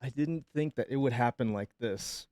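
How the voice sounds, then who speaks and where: A male streamer, sick with pneumonia, making an emotional announcement in a halting, hesitant way and holding back tears. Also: mid-range voice, warm tone, no echo, clean studio sound.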